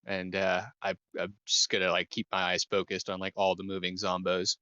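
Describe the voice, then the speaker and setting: A man's voice: sits low, completely flat delivery, normal speed, bright, forceful tone, dry recording, lo-fi sound. A man playing a character in a casual tabletop game, with an offhand, drawling way of talking. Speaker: player. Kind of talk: casual tabletop role-play.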